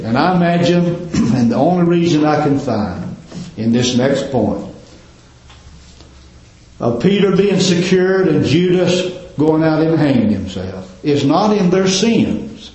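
A male preacher delivering a fervent sermon, climbing loud and then dropping to a hush. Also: big pitch swings, measured pace. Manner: fervent, swinging between loud climbs and low hushed drops. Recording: very echoey, dull lo-fi church recording.

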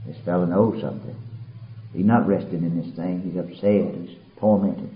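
A man preaching a sermon, swinging between loud impassioned passages and quiet somber ones. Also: low voice, fairly even intonation, moderate pace, a little hiss or hum. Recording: roomy, dull lo-fi recording.

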